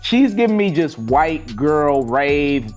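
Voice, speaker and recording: A man's voice: on the high side, big pitch swings, slow pace. A man chiming in with teasing quips during casual group banter. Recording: played from a video with music under it.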